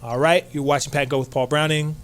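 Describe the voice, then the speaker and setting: A man's voice: fairly high pitch, fairly even intonation, quick pace. A man hosting a casual sports radio show in a studio, upbeat and filler-heavy, hyping up his co-hosts. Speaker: sports talk show host.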